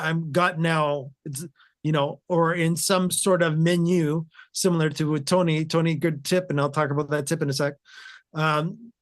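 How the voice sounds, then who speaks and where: Chatty host, a man filling with "again". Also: on the high side. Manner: conversational, filler-heavy, repeats "again". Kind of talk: casual explanatory chat.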